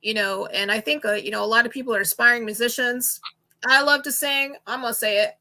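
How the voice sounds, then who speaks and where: Woman, podcast host, bright tone, slightly high voice, chatty. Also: fairly even intonation, fast talker. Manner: chatty, rambling questions with fillers. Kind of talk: casual interview chat.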